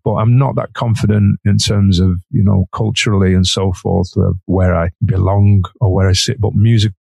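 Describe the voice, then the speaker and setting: Gravelly Manchester man telling stories. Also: low voice, fairly even intonation, moderate pace, a little mellow, no echo. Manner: chatty, laughs between sentences. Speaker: musician guest. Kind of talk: anecdotal storytelling.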